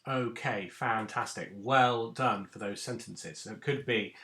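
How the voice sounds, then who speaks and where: A male primary school teacher gives a recorded phonics lesson to young children, patiently sounding out letters and words. His voice is lowish and sharp in tone, and he's unhurried. The room is echoey.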